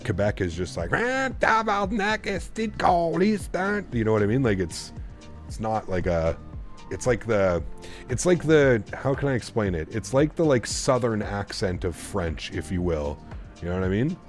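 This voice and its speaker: A man's voice: on the low side, expressive, moderate pace, darkish tone, faint music behind. A man chatting casually on a live stream, rambling and reading viewer messages aloud. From Canada. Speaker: flight sim streamer.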